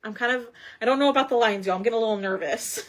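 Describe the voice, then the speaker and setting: A woman's voice: fairly high pitch, racing, noisy background. A woman hosting a casual crafting livestream, chatting and thinking aloud as she works. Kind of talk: casual live crafting chat.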